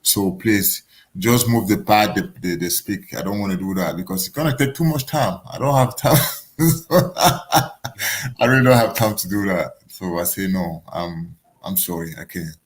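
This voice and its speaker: A man who is a professional boxer, talking casually as a podcast guest, animated and laughing often, with non-native phrasing. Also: low-pitched, moderate pace. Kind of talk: podcast interview, casual chat.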